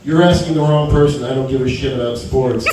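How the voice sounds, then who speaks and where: A man doing a stand-up comedy set in a small club, brash and crude with animated delivery. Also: mid-range voice, fairly quick. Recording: echoey club heard from far off. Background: audience chatter and laughter.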